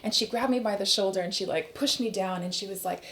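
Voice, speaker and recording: A woman in her thirties, a podcast guest telling her own story candidly, animated and acting out the voices of people she quotes. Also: mid-range voice, fast talker, hardly any pauses, a little hiss or hum. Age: 30s. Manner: animated, acts out quoted voices, laughs often.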